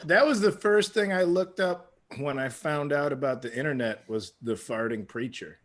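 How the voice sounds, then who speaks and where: A male podcast co-host in loose comedic chat, his voice sitting a little high. He rambles through anecdotes and laughs as he talks. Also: moderate pace, a bit bright.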